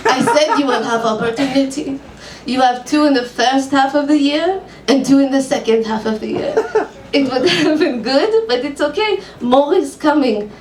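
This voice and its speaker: A woman's voice: high-pitched, lively intonation, moderate pace, voice pushed up. A woman voicing a brusque older female psychic with a put-on Hebrew accent and clipped broken grammar. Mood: stern. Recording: echoey room, far mic, faint hum.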